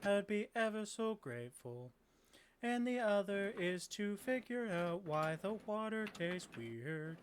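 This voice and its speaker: A courteous male robot of crystal and metal, as a man puts him on, speaking in slow, careful, formal phrases. The voice sits a bit high. A faint hiss runs underneath. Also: sing-song, full character voice. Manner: slow, precise, formal speech. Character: robot guide Designation Lawrence, male, polite and slow.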